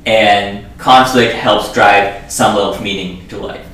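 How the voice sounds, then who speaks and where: A man's voice: on the low side, steady tone, measured pace, fairly bright tone. A man discussing a film in casual talk, rambling with lots of fillers and restarts. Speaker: film podcast co-host. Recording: echoey room, voice far from mic.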